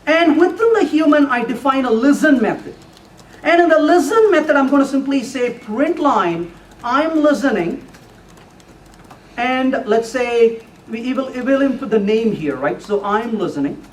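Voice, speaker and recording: A man giving a technical talk with live coding to a user group, animated and playful, now and then putting on a mock voice for the compiler. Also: very high voice, normal speed. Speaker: conference speaker. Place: lecture room at a user group meeting. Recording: echoey room, voice from far off.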